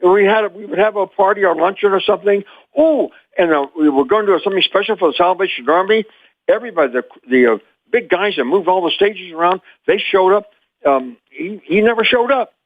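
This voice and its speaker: An older man in his eighties, originally from Memphis, Tennessee, tells stories with a lively, sing-song lilt and frequent chuckles. His voice comes through a thin, phone-like line with a dry, close sound. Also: sits high, brisk, no echo. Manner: lively storyteller, chuckles often. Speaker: guest, former child actor. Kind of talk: animated storytelling interview.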